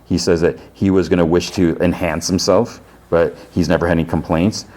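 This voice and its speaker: Deep-voiced male podcast host, rambling casual recap. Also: little pitch movement, a little fast, a little mellow. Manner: rambling, filler-heavy retelling.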